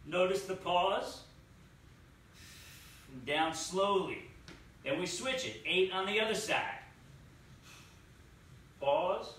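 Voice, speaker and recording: Male fitness coach, deliberate exercise cues, recorded far from the mic in a very echoey studio. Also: high-pitched, fairly bright tone. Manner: slow, deliberate cueing. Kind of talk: exercise demonstration. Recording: echoey room, distant mic.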